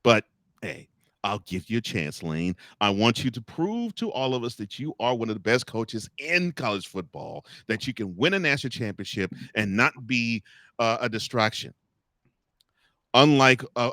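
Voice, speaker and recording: A man's voice: medium pitch, no echo. A man hosting a college football talk segment, joking and speaking straight to the coaches and officials he discusses. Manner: animated, joking, talks straight to the people he discusses. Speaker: sports talk host.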